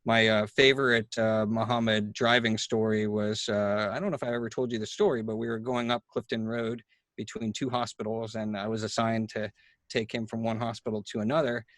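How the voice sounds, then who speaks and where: A man hosting a talk, telling a story in a chatty, animated way with frequent restarts. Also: fairly low pitch, fairly quick, no echo. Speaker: host. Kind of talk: casual conversational storytelling.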